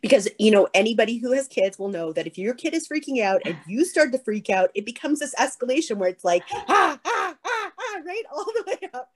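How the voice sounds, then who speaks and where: A woman answering a question as a keynote speaker, earnest and firm, with a lively, animated way of talking. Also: fairly high pitch, fast talker, hardly any pauses. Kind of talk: conversational answer on stage.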